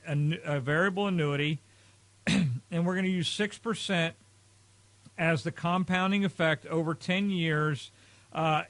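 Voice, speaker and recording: Male presenter, slightly higher pitch, earnest and emphatic with casual fillers, dry close recording. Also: a bit bright, no room sound. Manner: earnest, emphatic, frequent uh and you know. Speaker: financial advisor presenting a video series. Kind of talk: explanatory talk to camera.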